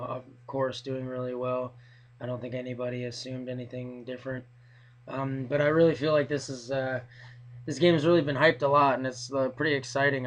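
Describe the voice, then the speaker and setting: A man with a hoarse, worn voice from yelling, talking loosely in a casual video blog. His pitch sits mid-range and barely moves, so his delivery sounds flat. He rambles and hesitates as he shares his thoughts. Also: rough recording. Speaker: hockey fan vlogger.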